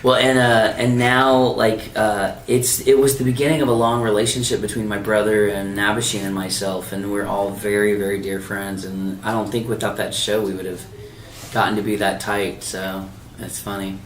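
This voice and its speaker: A male voice actor telling lively anecdotes in an interview, acting out the voices of people he quotes. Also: lowish voice, moderate pace, echoey room, recorded from a distance, a little hiss or hum. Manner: animated anecdote teller, acts out quoted dialogue. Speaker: voice actor guest. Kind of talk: storytelling interview. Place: anime convention.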